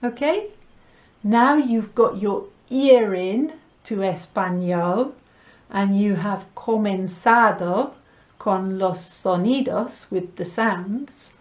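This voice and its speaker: Brief: woman language teacher, slow and deliberate delivery, mid-range voice, mixes Spanish into English. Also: mid-range voice, a little mellow. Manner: slow, clear pronunciation drills with light laughs. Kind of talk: recorded language lesson.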